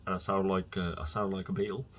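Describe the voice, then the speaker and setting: A man with a lowish voice rambles through a casual solo monologue. He tells stories in a chatty way, often restarting his sentences. A faint hiss sits under the recording. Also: fairly even intonation, quick pace. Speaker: vlogger.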